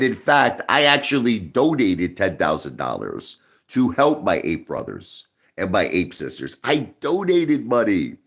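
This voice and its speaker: A man hosting a live stream, arguing with viewers in a combative way and repeating his points again and again. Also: fairly low pitch. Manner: combative, repeats himself, talks straight to viewers. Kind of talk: livestream rant.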